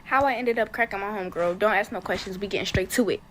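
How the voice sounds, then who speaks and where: A woman's voice: medium pitch, quick pace, a bit bright, slight background noise, rough recording. A young woman telling a story in a slangy, chatty, swaggering way. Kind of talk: casual story time.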